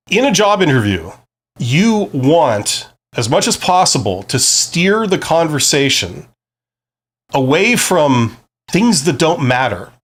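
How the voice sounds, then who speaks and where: A man hosting a live stream, giving career advice in a conversational, explanatory way and often checking in with "right?". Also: on the high side.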